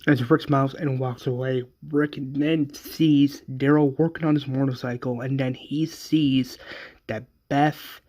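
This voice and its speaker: Brief: male fan storyteller, slow, halting, full of restarts. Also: medium pitch, fairly even intonation, a little mellow. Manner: hesitant, frequent fillers and restarts. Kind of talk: casual retelling of a fan story.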